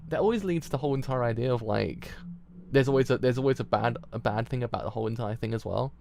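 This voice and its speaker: Gravelly young British man reacting live. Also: medium pitch, fast talker, noisy background. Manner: casual, joking asides. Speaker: streamer reading manga aloud.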